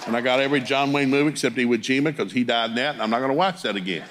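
A man's voice: mid-range voice, rapid-fire, very noisy. Folksy, chuckling middle-aged preacher man. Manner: humorous, chuckles while telling stories. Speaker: Pentecostal preacher. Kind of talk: folksy storytelling sermon.

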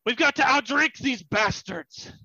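A man's voice: very high-pitched, lively intonation, a little slow, pushed and bright, slightly rough, dull audio, voice pushed up, full character voice. A man voicing a stern male ship captain in his thirties who bellows his commands. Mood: rowdy.

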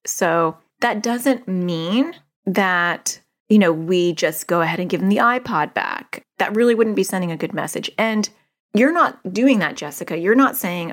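A middle-aged woman giving casual parenting advice to a listener, animated and often acting out what kids and parents say. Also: mid-range voice, normal speed. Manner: animated, acts out quoted voices of kids and parents. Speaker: parenting coach answering a listener.

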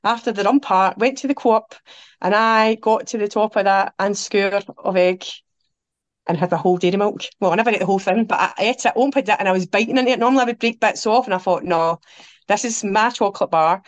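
A Scottish woman, a podcast guest, telling travel stories in lively conversation, acting out what people said and laughing along. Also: mid-range voice, quick pace, no room sound. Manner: animated, quotes people, laughs through her stories. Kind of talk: anecdotal storytelling chat.

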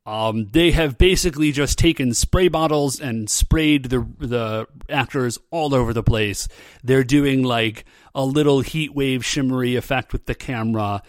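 A man's voice: mid-range voice, a little slow, dry recording, studio quality. A man hosting a podcast, recapping an episode in a casual, rambling way, full of fillers like "um" and "like", with frequent laughs. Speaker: podcast host.

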